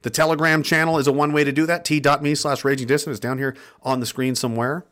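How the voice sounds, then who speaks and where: A man's voice: on the high side, little pitch movement, quick pace, a bit bright. A man speaking to his viewers in an impassioned, profane, rambling monologue. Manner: profane, rambling, fervent, with restarts. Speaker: online commentator.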